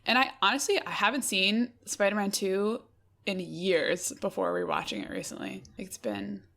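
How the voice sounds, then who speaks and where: A woman's voice: mid-range voice, moderate pace, vocal fry, a bit bright. A woman co-hosting a podcast, chatting in an easygoing way and saying "like" often. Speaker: podcast co-host. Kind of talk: casual chat.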